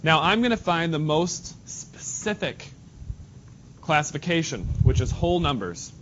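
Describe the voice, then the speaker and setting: A man's voice: a little high, animated, a little slow, a bit bright. A male math teacher leading a classroom lesson, casual and joking, calling on students by name. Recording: dull lo-fi classroom recording with faint noise.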